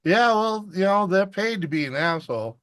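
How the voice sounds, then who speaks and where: A man's voice: sits high, lively intonation, normal speed, a bit bright. A man hosting a casual video call chat, rambling through a profane story and laughing often. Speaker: host.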